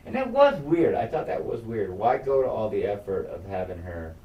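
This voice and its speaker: Podcast co-host, man, low-pitched, casual and profane recap, roomy far-mic sound with light hiss. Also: normal speed, muffled recording. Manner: profane, animated episode recap. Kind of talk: casual chat. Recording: roomy room, far from mic, faint noise.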